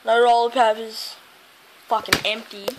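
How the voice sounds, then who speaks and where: Freshly awake and sleepy, this home vlogger grumbles beside a window, cursing nearly constantly as she rambles. She speaks unhurriedly in a flat, slightly high voice, with background noise audible.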